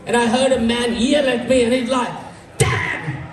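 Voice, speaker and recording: A man's voice: very high voice, steady tone, brisk, a faint crowd, slight background noise. A man with an Indian English accent doing a stand-up comedy set, telling stories and acting out the voices of the people in them. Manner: storytelling, acts out quoted voices. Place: community hall with live audience. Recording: echoey hall, voice from far off.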